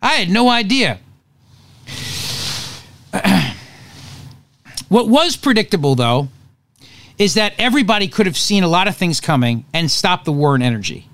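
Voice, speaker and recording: A man's voice: high-pitched, big pitch swings, normal speed, long pauses, a bit bright, no room sound. A man hosting a talk show, giving opinionated political commentary in an emphatic, sarcastic way.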